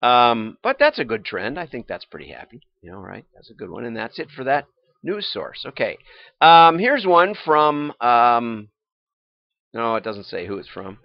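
A man's voice: mid-range voice, big pitch swings, normal speed, gravelly, no echo. An older man hosting a casual livestream, chatting in a rambling way and chuckling often as he goes over news items. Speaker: livestream host. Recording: dull, lo-fi, dry livestream audio.

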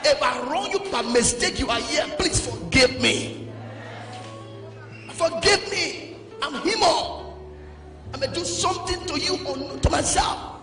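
A man with a Liberian English accent preaching a sermon as pastor, dropping to low talk and rising to shouted exhortation. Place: large church hall. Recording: echoey hall, distant mic, music behind.

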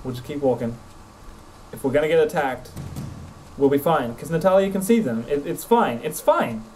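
A man gives let's play commentary on a horror game in a fairly high, expressive voice with a darkish tone and normal pace. Jittery and swearing, he talks to his companion through a desk mic paired with a face cam. The audio quality is poor.

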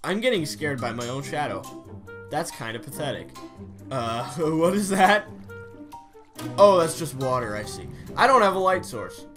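A young man giving casual, excitable commentary while playing a video game, often breaking into mock-angry yelling. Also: on the high side, measured pace, faint music behind. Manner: excitable, yells and mock-rages at game animals. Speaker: gaming YouTuber.

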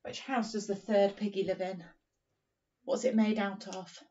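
Slow, sing-song woman teaching phonics. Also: mid-range voice, level tone, a little mellow. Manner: encouraging, slow and sing-song, sounding out words. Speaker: primary teacher. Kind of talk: phonics lesson for young children. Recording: dull, slightly distant recording.

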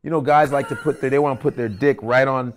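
A male comedian guest in a casual interview, telling animated stories and acting out voices. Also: mid-range voice, fast, a little hiss or hum. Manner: animated storytelling with acted-out voices.

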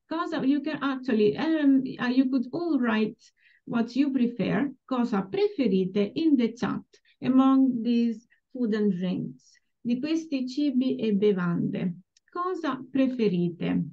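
A woman teaching a language class over a video call, slowly and patiently modeling words for students to repeat. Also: fairly high pitch, expressive. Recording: dull lo-fi call audio.

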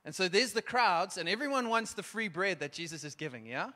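A man preaching a sermon and leading an altar call, urgent and exhorting, at times dropping to a hushed, prayerful tone. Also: high-pitched, lively intonation, fairly quick. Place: church hall. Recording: long church hall reverb.

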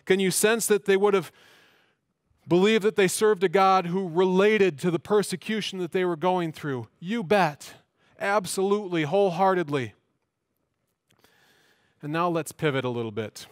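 High-voiced man preaching. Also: normal speed, long pauses, no room sound, studio quality. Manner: earnest preaching with emphatic repeats and questions. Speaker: pastor. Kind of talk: sermon. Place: church.

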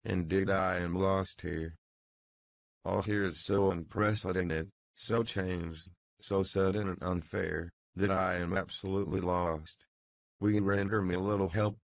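A man narrating a novel, voicing an anxious gentleman prisoner in his thirties who speaks earnestly and pleads. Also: low-pitched, steady tone, a little slow, gravelly, dry recording. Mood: pleading.

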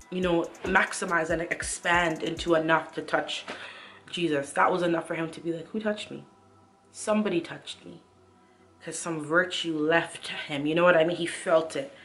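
A woman's voice: fairly low pitch, fairly bright tone. Earnest young woman encouraging faith. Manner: earnest and encouraging, many "like" and "you know what I mean". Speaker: Christian vlogger. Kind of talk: casual devotional talk to camera.

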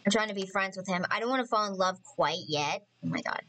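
A woman hosting a casual let's-play commentary, chatty and excitable, often apologizing and thinking aloud as she plays. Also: medium pitch, quick pace, rough recording. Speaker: gaming channel host.

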